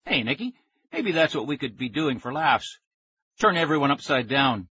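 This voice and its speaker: A man's voice: mid-range voice, sing-song, normal speed, sharp tone, husky, lo-fi sound, exaggerated voice. A man voicing a bold, mischievous girl who talks playfully and conspiratorially.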